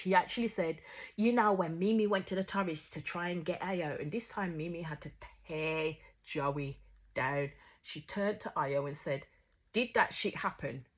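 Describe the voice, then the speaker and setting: Woman reviewer, husky, low-pitched, outspoken chat. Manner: outspoken, swears freely, animated retelling. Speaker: reality show reviewer. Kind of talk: casual reaction commentary.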